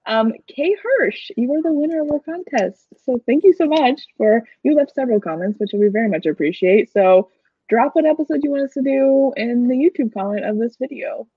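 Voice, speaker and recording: Giggly podcast cohost lady, kinda high husky voice, dry dull lo-fi sound. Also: lively intonation, no echo. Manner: chatty, giggly, halting restarts. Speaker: podcast co-host. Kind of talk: casual chat.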